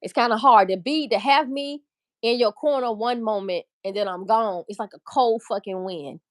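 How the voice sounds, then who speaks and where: A woman's voice: fairly high pitch, normal speed, no echo, studio quality. A woman hosting a casual livestream chat, talking in a candid, emphatic, profane and rambling way. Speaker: livestream host.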